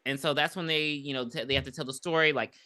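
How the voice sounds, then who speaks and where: A woman co-hosting a casual movie review podcast. She walks through the plot in a chatty way and acts out the characters' lines with a lot of life. Her voice is bright and forward. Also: low-pitched, fast talker. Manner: animated retelling with acted-out quotes. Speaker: podcast co-host.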